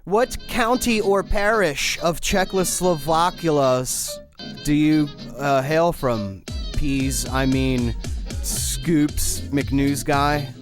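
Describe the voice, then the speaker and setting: Man, dry comedy podcast co-host, unhurried, slightly high voice. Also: over music. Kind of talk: casual comedic banter.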